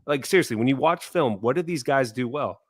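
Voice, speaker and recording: A man's voice: medium pitch, brisk, dry recording, studio quality. A man co-hosting a sports fan podcast, venting his frustration heatedly in casual chat. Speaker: podcast co-host.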